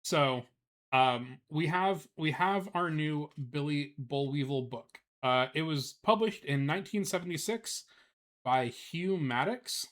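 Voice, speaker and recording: A man's voice: fairly high pitch, lively intonation, a bit bright. A man on a live stream, chatting casually with lots of fillers before reading a children's book aloud. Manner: casual, filler-heavy, unhurried, swears.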